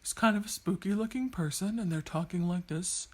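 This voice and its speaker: A woman voicing a spooky, self-serious online psychic in a hushed, breathy whisper. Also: lowish voice, pitched below the performer's own voice, natural voice. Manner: slow, spooky, solemn.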